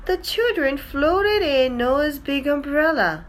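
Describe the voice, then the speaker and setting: A woman reads a picture-book story to young children. Her voice sits a little high and moves in wide, lively curves. She takes her time over every line. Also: slight background noise. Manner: slow, clear, expressive reading. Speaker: storybook reader.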